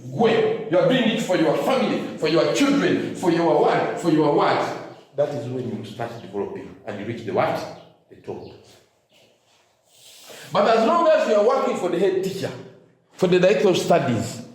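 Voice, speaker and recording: A man giving a motivational talk to teachers, leaving sentences open with "what?" for the audience to fill in and mixing in Luganda phrases. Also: high-pitched. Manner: call-and-response, asks "what?" for the crowd to fill in. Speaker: motivational speaker. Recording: echoey room.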